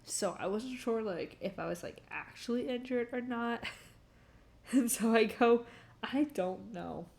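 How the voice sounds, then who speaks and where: A young adult woman with a fairly high, slightly mellow voice tells a story at a measured pace while streaming. She rambles casually, laughs often, and peppers her speech with "like" and "um."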